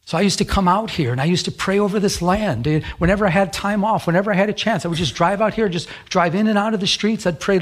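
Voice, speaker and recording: A man preaching a sermon with a somewhat high voice. He tells a personal story earnestly, often restarting his sentences as he goes. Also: quick pace, hardly any pauses. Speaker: pastor.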